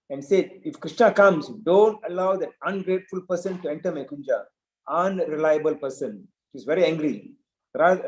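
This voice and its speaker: A man's voice: a little high, a little mellow, reverberant, rough recording. A man giving a devotional scripture talk, retelling a story and often checking in with "right?". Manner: storytelling with frequent "right?" asides. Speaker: preacher.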